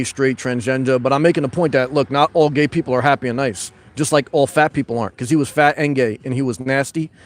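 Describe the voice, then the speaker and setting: A man hosting a casual livestream, reading viewer comments and telling a rambling story full of restarts and "okay?". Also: a little high.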